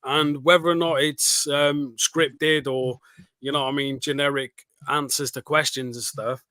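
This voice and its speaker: Man, North Welsh accent with a touch of Scouse, bright and forceful, dry close sound, rambling chatty co-host. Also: mid-range voice, fairly even intonation, a little slow, dry recording. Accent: North Welsh, with some Scouse. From North Wales. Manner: chatty, rambling, keeps saying "do you know what I mean". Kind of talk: casual chat.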